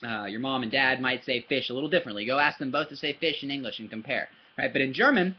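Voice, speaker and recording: Husky guy teaching a kid german words, animated, keeps asking right?, kinda muffled audio. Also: mid-range voice. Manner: patient, encouraging, explains slowly with many "right?" checks. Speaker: language tutor. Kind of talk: casual video lesson for a child. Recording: dull lo-fi recording.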